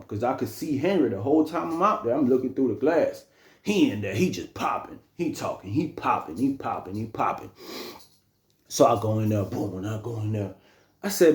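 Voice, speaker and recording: A young man casually telling a story, animated and slangy, often repeating phrases. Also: mid-range voice, fairly quick. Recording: roomy echo.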